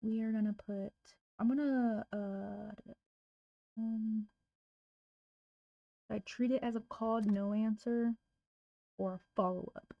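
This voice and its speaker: A woman's voice: on the high side, fairly even intonation, slow, creaky, long pauses, no room sound, muffled recording. A woman making real estate cold calls on a livestream, chatting casually and bluntly to herself in slangy language.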